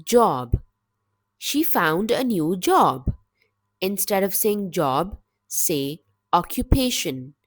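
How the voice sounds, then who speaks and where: Slow, lively-voiced woman teaching vocabulary. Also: fairly low pitch, no room sound, studio quality. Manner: measured, clear word-by-word delivery. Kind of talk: slow, deliberate scripted vocabulary lesson.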